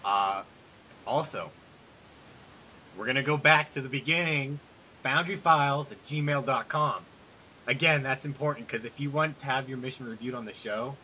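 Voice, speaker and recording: Bright-voiced male podcast host, rambling. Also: medium pitch, slight background noise, low-quality recording. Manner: rambling, joking, upbeat promo talk. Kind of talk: casual podcast chat.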